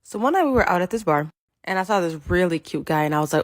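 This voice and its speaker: A woman's voice: lowish voice, animated, fast, dry recording. Young woman telling dramatic stories. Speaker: storyteller. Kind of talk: scripted first-person story narration.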